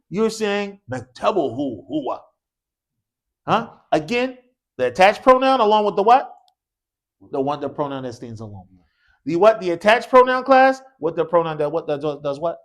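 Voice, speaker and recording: Animated male Arabic teacher. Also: high voice. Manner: animated, quizzing the class with repeated "what?" prompts; mixes English with short Arabic phrases. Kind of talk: classroom Arabic lesson with call-and-response drilling. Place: mosque classroom.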